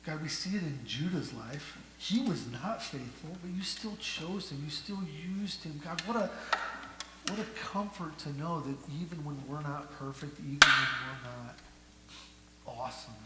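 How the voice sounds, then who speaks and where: A male pastor preaching a sermon, asking the congregation rhetorical questions and moving between hushed and loud delivery. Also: on the high side, moderate pace. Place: church sanctuary. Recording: echoey church hall with faint hum.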